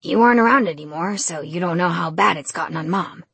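A bruised teenage boy speaks in an offhand, groggy way with a low, breathy voice, as a woman reading the story puts him on. The sound is dry and close to the mic. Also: fast talker, a bit bright, dry recording, full character voice. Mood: sullen. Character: sullen, beaten-up teenage boy.

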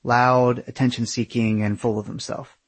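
A man's voice: mid-range voice, level tone, moderate pace, slightly rough, no echo. A man narrating a first-person story in a wry, sardonic manner. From United States. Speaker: memoir narrator.

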